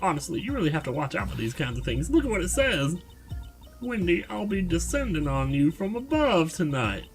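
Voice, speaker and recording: A man putting on a shrill, gushing old lady. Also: big pitch swings, fairly quick, faint music behind. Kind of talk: video game voice-over reading.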